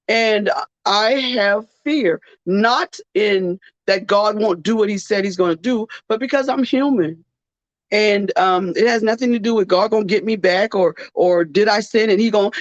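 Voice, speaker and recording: A tired woman hosting a faith-based talk show, speaking emotionally and haltingly with many restarts, close to tears. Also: a little high, no echo, muffled recording. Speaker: radio show host.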